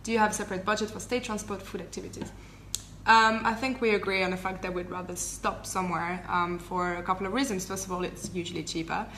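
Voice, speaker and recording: A woman's voice: mid-range voice, steady tone, fast talker, bright, forceful tone. A woman co-hosting a casual travel Q&A, chatty and giggly, with lots of fillers and restarts. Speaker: travel vlogger co-host. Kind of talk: casual live Q&A chat. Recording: faint background noise.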